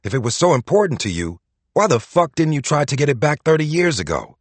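A cornered young violinist swears and rages, read by a man whose voice rises loud and swings wide. The tone stays husky and dry, even at full volume. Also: mid-range voice, normal speed, dry recording. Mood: furious. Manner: shouting, swearing.

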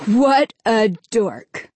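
A woman's voice: on the high side, big pitch swings, extremely slow, darkish tone, dry recording, full character voice. A woman voicing a sarcastic, rowdy boy who snickers, in a storybook reading. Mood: mocking.

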